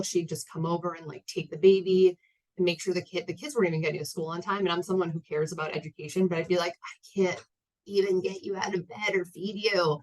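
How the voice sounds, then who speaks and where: A woman's voice: on the low side, a bit bright, poor audio. A woman in her thirties telling a personal story to an audience, candid and rambling with many fillers and restarts. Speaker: guest speaker.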